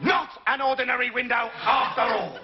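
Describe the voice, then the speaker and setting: A pompous shouting stunt showman. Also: extremely high pitch, fairly even intonation, normal speed, over loud music. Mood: grandiose. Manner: shouting to the audience like a ringmaster. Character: pompous male stunt showman, boastful and bossy. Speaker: comic stunt presenter. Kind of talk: live sketch comedy. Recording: dull lo-fi 1980s TV broadcast with hiss.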